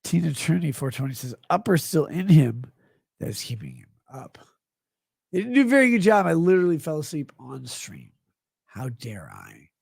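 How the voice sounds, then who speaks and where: Gravelly, rambling drunk streamer man. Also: on the high side, lively intonation, fairly quick, darkish tone, no echo, studio quality. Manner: slurred, rambling, swings between mumbles and outbursts. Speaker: livestreamer. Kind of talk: rambling livestream chat reading comments.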